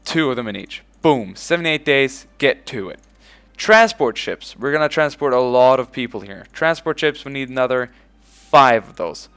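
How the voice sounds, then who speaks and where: A man in the middle of a let's play, chatting loosely over his game. His voice sits at a plain middle pitch. He swears freely, barks orders at his units, and punctuates them with loud "boom"s. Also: normal speed, few pauses, clear, resonant tone. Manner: excitable, swears casually, shouts "boom" when giving orders; talks to in-game units as if they were his troops. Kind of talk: casual gameplay commentary.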